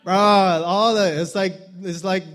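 A man's voice: high voice, fairly even intonation, takes it slowly, a bit bright. A man, a guest pastor opening his sermon with jokes and playful put-on voices. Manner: joking, playful, does voices and accents.

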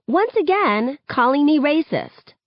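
A woman reading aloud, voicing a defensive, sharp-tongued teenage girl with shrill, accusing lines. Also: very animated, unhurried, dry recording, highs cut off, exaggerated voice. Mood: indignant.

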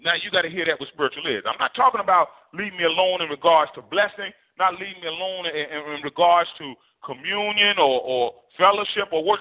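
Man preaching, animated sermon, fairly high voice, tinny phone-like sound. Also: brisk, few pauses. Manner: animated preaching, voicing God and Moses in quotes. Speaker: pastor.

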